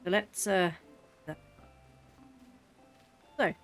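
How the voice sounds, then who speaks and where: A casual gaming host talks the listener through a game, chatty and quick to slip into mock-furious grumbling. Faint game music plays underneath the voice. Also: medium pitch, fairly even intonation, a bit bright. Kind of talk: casual gameplay commentary.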